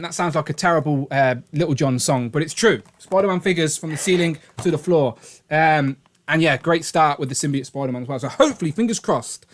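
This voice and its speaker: A man hosting a toy review live stream, chatty and upbeat, laughing easily. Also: a little high. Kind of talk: casual live-stream chat.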